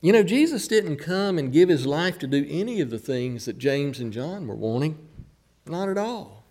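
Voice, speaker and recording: A man preaching a sermon, retelling a scripture story with acted quotes and dramatic pauses. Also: a little high, lively intonation, a little mellow.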